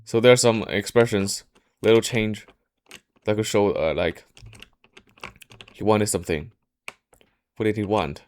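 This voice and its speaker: A man telling a history story in a casual podcast style, halting often and correcting himself mid-sentence. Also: on the low side, steady tone, a little mellow, clean tone. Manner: halting, frequent restarts and self-corrections.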